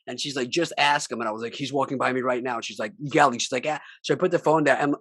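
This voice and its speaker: A man's voice: medium pitch, racing, a bit bright, no echo, clean studio sound. A man hosting a podcast, telling a story in casual, chatty talk with some swearing. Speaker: podcast host. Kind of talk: casual chat.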